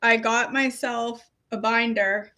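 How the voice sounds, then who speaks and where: A middle-aged woman talks to her followers in a loose, rambling way and makes fun of herself as she goes. Her voice sits a little high for a woman. The delivery is unscripted and conversational, like a health coach's daily check-in. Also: steady tone, takes it slowly, pushed and bright. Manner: chatty, rambling, self-deprecating. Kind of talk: casual chat.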